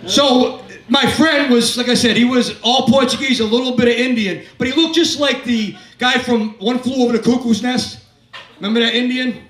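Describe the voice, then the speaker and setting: High-voiced man doing crude stand-up. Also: a bit bright. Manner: crude, rambling storytelling with crowd work. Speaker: stand-up comedian. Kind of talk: stand-up set. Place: comedy club stage. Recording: echoey club, from a distance.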